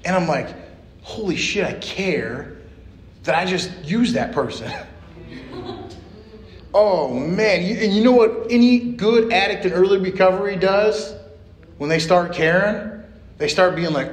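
A man's voice: high voice, expressive, a little slow, long pauses. A man giving a personal share at a recovery meeting, blunt and profane, full of street slang. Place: meeting room. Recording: echoey meeting room.

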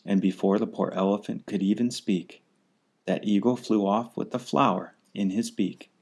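A man reading a rhyming children's story aloud in an unhurried, steady way. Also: fairly low pitch, gravelly, slightly rough. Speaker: storybook reader.

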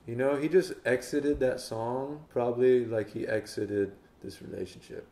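A man with a mid-range, dark-toned voice hosts a music reaction video at a moderate pace, chatting casually. He playfully mock-quotes the singer in put-on voices, and the recording has a roomy echo.

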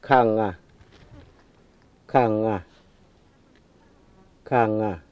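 A man with a lowish voice says each word three times, slowly and deliberately. The old field tape sounds thin and tinny, like a phone line. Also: no echo. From Wadeye area, Northern Territory, Australia. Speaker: language speaker repeating words. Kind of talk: slow careful word repetition for recording.

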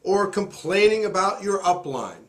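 A hoarse man, still getting his voice back, hosting an emphatic, preachy motivational talk into a studio mic. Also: high voice, expressive, a little slow. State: hoarse, recovering voice. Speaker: host.

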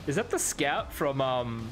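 A man casually chatting with friends while playing a co-op zombie game, excitable and jokey, yelping when things go wrong. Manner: excitable, yelps high when in danger; laughs often, jokey. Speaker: gamer streaming co-op with friends. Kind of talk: casual gaming chat.

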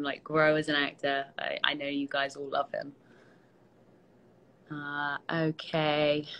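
A tired British woman, an actress, chatting casually with fans on a live stream, relaxed and self-deprecating, with many fillers, speaking into a phone held at arm's length. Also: deep voice, low-quality recording. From Britain. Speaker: actress hosting a fan Q&A.

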